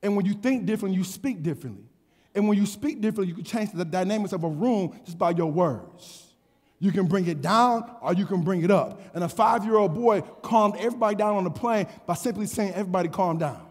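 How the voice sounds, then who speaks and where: A man delivers a sermon in a notably high voice, working the crowd with call and response. He stammers through repeated words as he tells his story and climbs to shouting. Long reverb from a large hall trails every phrase. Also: fairly quick. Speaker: pastor.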